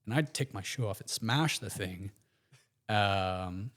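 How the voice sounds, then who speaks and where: Low-voiced relaxed American man. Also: takes it slowly. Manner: relaxed, rambling, many fillers and restarts. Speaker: podcast guest. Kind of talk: casual interview storytelling.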